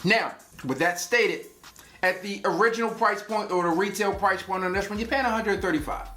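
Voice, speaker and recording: A man's voice: sits high, normal speed, pushed and bright. A man casually reviewing a fragrance on his vlog, joking and rambling through stories as he talks. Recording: roomy echo.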